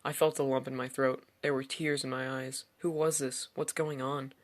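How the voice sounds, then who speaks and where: A man's voice: mid-range voice, level tone, normal speed. A man reading a first-person horror story aloud in a tense storytelling manner. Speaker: narrator. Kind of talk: scripted horror story narration.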